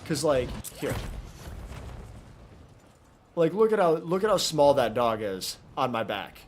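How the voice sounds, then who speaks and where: A man's voice: mid-range voice, very animated, slow. Chatty man rambling over live gameplay. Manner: rambling, chatty, talks to chat while playing. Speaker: gaming streamer. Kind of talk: casual live gameplay commentary.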